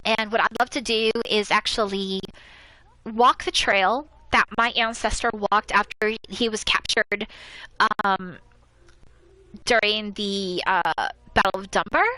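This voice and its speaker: A woman's voice: medium pitch, fairly even intonation, unhurried, bright, forceful tone, no echo, poor audio. An American woman streaming a horror game, chatting casually, laughing often and reading items aloud. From United States. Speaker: gaming streamer. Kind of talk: casual let's-play chat.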